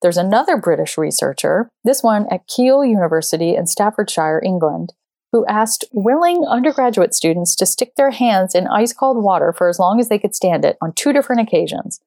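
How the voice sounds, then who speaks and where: Animated woman telling a story, dry sound. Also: brisk, no room sound. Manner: animated, acts out quotes with big pitch jumps. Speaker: speaker. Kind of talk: personal storytelling talk.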